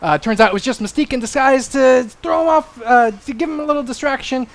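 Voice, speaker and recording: A young adult man recapping a comic issue on a panel, excitable and rambling, full of fillers. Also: very high voice, fast talker.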